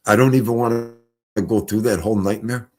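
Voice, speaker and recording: A middle-aged streamer tells stories casually on a livestream, animated and swinging between loud exclamations and quiet mutters. His voice is fairly low and he talks a little fast.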